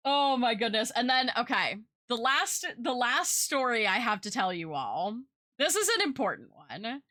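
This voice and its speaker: A young woman from Kentucky, a streamer and artist, telling stories in casual chat, animated and full of fillers. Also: on the high side, moderate pace. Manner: chatty, animated, lots of fillers and quoted voices.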